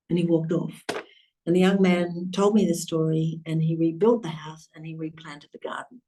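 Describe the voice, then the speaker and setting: A woman's voice: on the low side, normal speed, a little mellow. A woman giving an earnest, emphatic storytelling talk at a leadership session. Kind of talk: storytelling talk to an online audience. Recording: distant from the mic.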